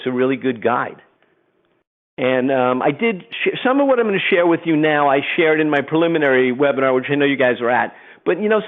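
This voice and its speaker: Man, middle-aged, webinar presenter, animated storyteller, fairly high voice, phone-quality sound. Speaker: program presenter.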